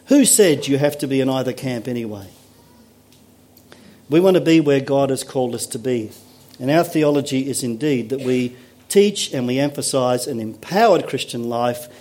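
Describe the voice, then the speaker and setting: Aussie pastor guy preaching, kinda high voice, earnest, keeps asking the crowd questions. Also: a little mellow. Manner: earnest, emphatic, asks the congregation rhetorical questions. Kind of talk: sermon.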